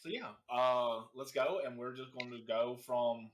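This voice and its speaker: A man as game master, excited, talking with many fillers. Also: medium pitch, measured pace, slight background noise. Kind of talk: running a tabletop game over video call.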